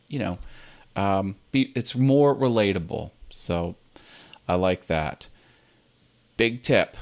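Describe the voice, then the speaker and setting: Relaxed chatty man giving camera tips. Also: medium pitch. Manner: relaxed, chatty, demonstrates with own intonation. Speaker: YouTube channel host. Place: home set with stuffed animals and video games. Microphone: built-in computer webcam.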